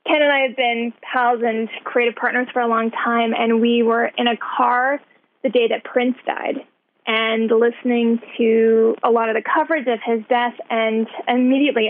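A woman's voice: on the high side, gravelly. A woman guest speaking thoughtfully over a landline in a phone interview. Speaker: guest, event organizer. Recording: tinny landline phone call.

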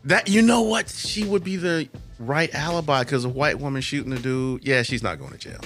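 A man's voice: mid-range voice, lively intonation, normal speed, fairly bright tone, faint music behind. A man co-hosting and producing a casual podcast, teasing his friend, laughing often and tripping over his words. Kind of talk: casual chat.

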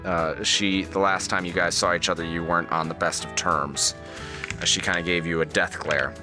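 Deep-voiced game master narrating. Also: male voice, little pitch movement, normal speed, music in the background. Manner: rambling narration, many fillers.

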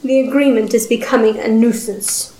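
Casting: slow, icy vampire count, put on by a woman narrator, measured and menacing, echoey room. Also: a little high, fairly even intonation, dark tone, natural voice. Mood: cold disdain. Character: cold, imperious male vampire count. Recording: roomy echo.

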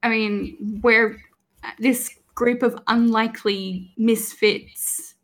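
A woman with a somewhat high voice talks very slowly in a relaxed group conversation. Her manner is reflective and unhurried. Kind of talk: casual group chat.

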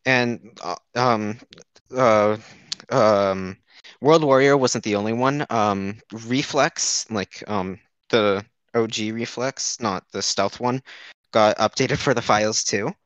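A man's voice: fairly low pitch, slow pace, fairly bright tone, clean tone, dry recording, lo-fi sound. Young man chatting casually, many fillers. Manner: rambling, many fillers and restarts. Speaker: podcast co-host. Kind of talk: casual gaming chat.

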